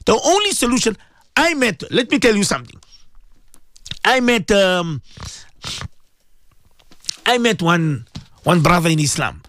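In a high, somewhat bright voice, a Muslim cleric hosting a radio show speaks slowly but very animatedly, leaving long pauses. He keeps repeating rhetorical questions to listeners in his impassioned talk, captured in a dry recording.

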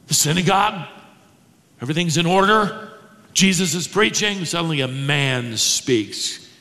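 A man's voice: on the high side, animated, unhurried, pushed and bright. A man preaching an expository sermon, teaching with emphasis, rhetorical questions and repeated key words. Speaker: pastor. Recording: long hall reverb.

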